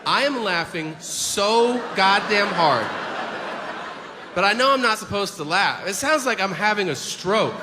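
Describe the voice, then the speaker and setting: A man performing a crude, animated stand-up routine on stage, acting out the people in his stories. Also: sits high, unhurried. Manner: animated, crude storytelling with acted-out quotes. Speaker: stand-up comedian. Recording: reverberant hall with ambient noise.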